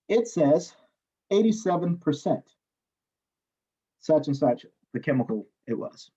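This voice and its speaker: Husky animated man lecturing chemistry. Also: a little high, moderate pace, pauses often. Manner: animated storytelling, swears freely, acts out quotes. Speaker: chemistry instructor. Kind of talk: lecture with personal story. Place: classroom. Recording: dull lo-fi classroom recording.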